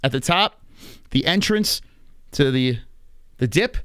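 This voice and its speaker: Animated, profane man telling stories. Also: medium pitch, slow pace, smooth, no echo, studio quality. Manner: animated, profane, rambling anecdotes. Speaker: stream host. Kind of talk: casual live-stream storytelling.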